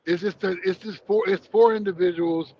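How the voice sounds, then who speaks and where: A man's voice: sits high, steady tone, moderate pace, dull audio, a little hiss or hum. A man co-hosting a wrestling panel, rambling and restarting as he breaks down the fighters. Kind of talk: casual sports chat.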